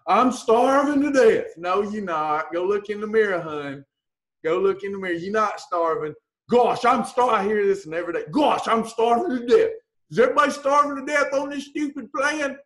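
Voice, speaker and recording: A woman gives a blunt, folksy motivational talk as a weight-loss coach and teases her listeners with pet names. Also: mid-range voice.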